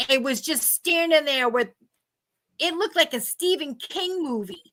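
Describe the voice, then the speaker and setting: High, bright-voiced chatty woman. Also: measured pace. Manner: animated, laughing storyteller acting out quotes. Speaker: host. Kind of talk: casual storytelling chat.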